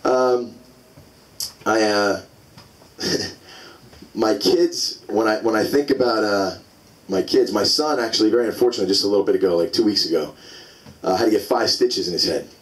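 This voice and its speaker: A man's voice: on the low side, normal speed, pauses often, far from the mic, rough recording. A man in his forties doing a stand-up comedy set, telling loose, rambling stories full of fillers on a club stage. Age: 40s.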